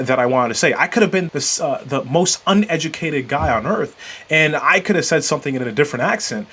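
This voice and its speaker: Husky guy hosting a marketing podcast, kinda high voice, lots of uh and okay. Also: fairly bright tone. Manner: emphatic and coaching, with frequent fillers. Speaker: podcast host. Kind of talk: marketing advice talk.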